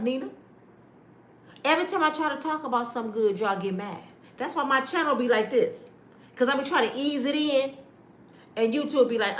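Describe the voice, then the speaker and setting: A woman's voice: fairly high pitch, expressive, moderate pace, echoey room, a little hiss or hum. A woman vlogger talking in an emphatic, sermon-like way, repeating her phrases as she comments to her viewers. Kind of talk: preachy casual commentary.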